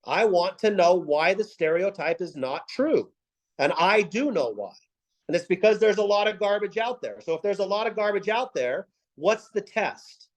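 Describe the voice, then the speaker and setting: Leading a team video call, a man with a high, animated voice gives a sales pep talk at a moderate pace, though the audio is poor. He hammers home his points with punchy rhetorical questions and repeats himself for emphasis.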